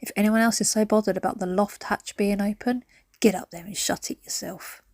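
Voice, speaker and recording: A woman's voice: medium pitch, fairly even intonation, fairly quick, darkish tone, dry recording, studio quality. A woman, chatting through a cleaning vlog at home, rambling between stories and sudden whispered asides. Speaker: cleaning vlogger. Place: at home, indoors.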